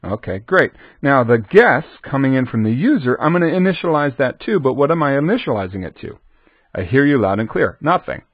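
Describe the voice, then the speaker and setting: A man's voice: mid-range voice, very animated, brisk, breathy edge, no room sound. A man teaching a programming lesson, chatting to the viewer and answering his own questions. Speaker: programming instructor. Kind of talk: screen-recorded coding lesson. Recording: dull dry lo-fi recording.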